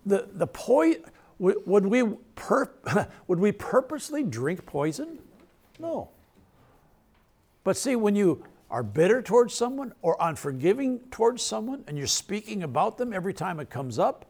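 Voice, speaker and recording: A man's voice: high-pitched, very animated, normal speed, darkish tone. A male pastor preaching a sermon in a conversational way, asking the crowd questions and laughing between points.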